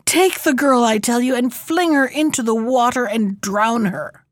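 A woman voicing a furious, cruel old witch who shouts threats in a storybook reading. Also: on the high side, unhurried, no room sound, clean studio sound, natural voice. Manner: shouting threats, gnashing menace.

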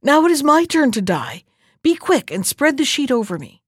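A woman reading aloud voices a sly, quick-witted man who schemes in an urgent, raised tone. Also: sits high, lively intonation, a little mellow, no room sound, clean studio sound.

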